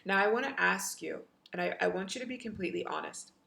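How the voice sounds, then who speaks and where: A woman's voice: mid-range voice, lively intonation, quick pace, gravelly, bright, forceful tone. A woman spiritual coach leading a live online guided meditation and activation, effusive, with chant-like repetitions.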